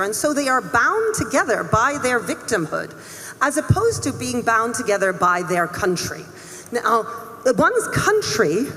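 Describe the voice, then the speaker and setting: A woman's voice: fairly high pitch, fairly bright tone. A middle-aged woman, a head teacher, giving an emphatic, earnest speech to a summit audience in a conference hall. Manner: emphatic, earnest, with laughs and restarts. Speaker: head teacher speaking on a panel. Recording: long echo of a large hall.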